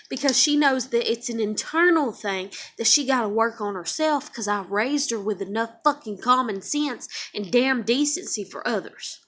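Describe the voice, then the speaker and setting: A woman venting in a casual vlog, swearing heavily and swinging between hushed hurt and loud anger. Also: a little high, lively intonation, moderate pace, a little hiss or hum. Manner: heated, profane venting; emotional, wavers between quiet and loud. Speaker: vlogger.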